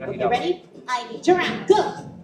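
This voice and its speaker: A woman's voice: high voice, animated, measured pace. A woman playing an eager, impatient performer who cheerfully coaxes audience members. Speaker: show performer leading the crowd. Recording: roomy, distant stage recording with music.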